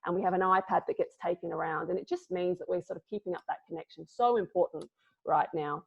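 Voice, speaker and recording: A woman's voice: fairly low pitch, fast talker, gravelly, breathy edge. A woman from Scotland giving a playful, casual online talk as a clown presenter, full of dad jokes. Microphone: video call. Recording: lo-fi video call audio.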